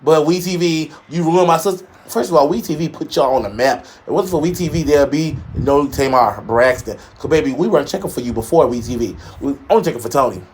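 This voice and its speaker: Brief: sassy male talk-show co-host, lively pitch swings, shady gossip delivery. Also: quick pace, hardly any pauses, slightly rough. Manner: sassy, shady, emphatic with big pitch jumps. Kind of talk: casual gossip chat.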